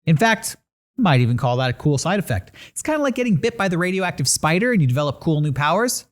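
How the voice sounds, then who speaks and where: A man's voice: fairly high pitch, quick pace. A man co-hosting a casual podcast, telling odd news stories with sarcastic asides. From San Diego area. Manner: animated storytelling with sarcastic asides. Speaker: podcast co-host.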